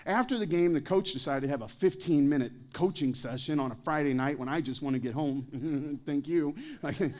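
Joking pastor, slightly high voice. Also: male voice, normal speed, few pauses, a little mellow. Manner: joking, anecdotal storytelling; addresses the congregation with questions. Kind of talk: sermon. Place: church service.

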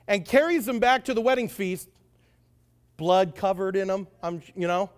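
A man's voice: high-pitched, normal speed. A man preaching a sermon as conversational, joking storytelling, with asides to the audience.

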